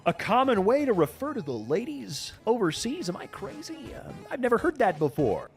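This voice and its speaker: Male streamer, slightly high voice, very lively delivery, sarcastic and foul-mouthed reaction chatter. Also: normal speed, soft background music. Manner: animated, swearing, sarcastic asides. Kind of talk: casual reaction commentary.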